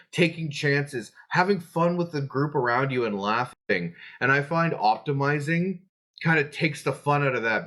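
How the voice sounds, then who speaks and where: A young adult man talks casually to camera about playing tabletop games. He is earnest and chatty, often restarting sentences and filling pauses. His voice sits at an ordinary middle pitch for a man. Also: fairly bright tone. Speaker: tabletop game host giving player tips. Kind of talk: casual explanatory talk to camera.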